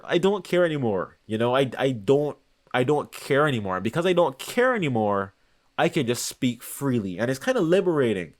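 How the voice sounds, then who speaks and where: A man in a loose, off-the-cuff monologue, his pitch rising and falling freely as he goes. He hunts for the right word, sighs and starts sentences over. His voice sits at an ordinary middle pitch. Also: very animated, moderate pace. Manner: rambling, searches for words, many restarts and sighs. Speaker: channel host. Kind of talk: casual unscripted monologue.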